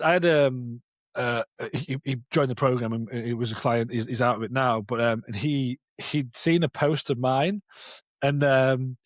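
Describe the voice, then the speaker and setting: A Northern English man hosting a podcast, words tumbling out at a quick clip. He talks candidly and at length, restarting sentences and swearing freely. His voice sits close and dry, with no room sound around it. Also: medium pitch, dry recording. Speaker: podcast host. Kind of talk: casual interview chat.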